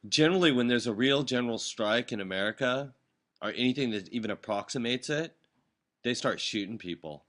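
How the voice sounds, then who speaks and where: Older male host, loose and rambling, bright tense voice, video-call stream chat. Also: mid-range voice, lively intonation, fairly quick. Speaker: show host. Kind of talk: casual chat.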